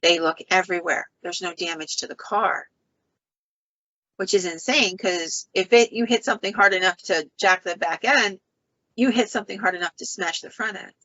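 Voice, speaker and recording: A woman hosting a podcast and telling ghost stories in an animated, casual way, with frequent ums and restarts. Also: on the low side, normal speed, dry recording, highs cut off. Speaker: podcast host.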